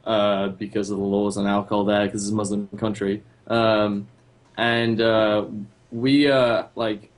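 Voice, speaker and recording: A man with a fairly low voice tells a story in relaxed podcast chat. He swears freely and his sentences are full of ums and restarts. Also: measured pace. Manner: casual, swears often, many fillers. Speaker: podcast co-host.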